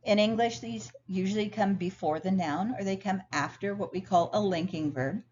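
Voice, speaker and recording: A woman instructor explaining grammar clearly and patiently in a recorded lecture over slides. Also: mid-range voice, normal speed, a little mellow. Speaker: ESL instructor. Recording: dull lo-fi sound, faint noise.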